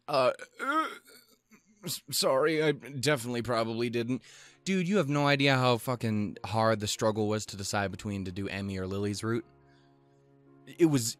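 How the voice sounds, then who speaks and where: A man's voice: fairly low pitch, no echo. A young man hosting a let's play, reading a visual novel aloud and cursing at himself. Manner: excitable, swears a lot, self-mocking.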